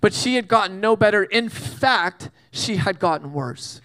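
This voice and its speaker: A man's voice: high voice, lively intonation, a little slow, a bit bright. A man preaching a casual sermon, telling a Bible story with jokes and acted-out asides. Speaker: pastor.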